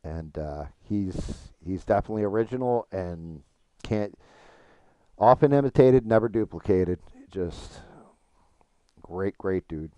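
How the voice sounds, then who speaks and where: A man's voice: deep voice, lively intonation, unhurried, warm tone, no echo. A man chatting casually with his stream chat while gaming, frank and profane, rambling and restarting his thoughts.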